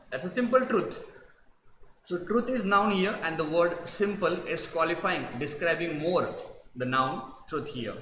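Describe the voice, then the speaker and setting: Man, teacher, high voice, echoey room with long reverb. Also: bright, forceful tone, slight background noise. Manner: patient, repetitive explaining with check-ins to the class. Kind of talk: grammar revision lesson.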